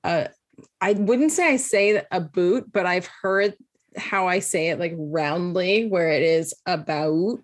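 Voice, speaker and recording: A woman's voice: on the low side, slow pace. Curious woman interviewer. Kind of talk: casual interview chat.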